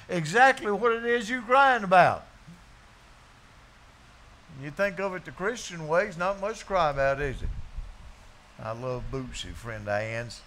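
A man delivers a sermon in a fairly high voice. He preaches in a folksy, emphatic way and leans on rhetorical questions to his congregation. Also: lively intonation, measured pace, pauses often, pushed and bright. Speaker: pastor. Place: church before a congregation.

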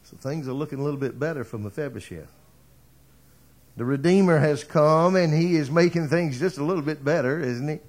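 A man's voice: a little high, a little fast, darkish tone. A male preacher delivering a sermon, retelling a story dramatically and building to fervent appeals to the congregation.

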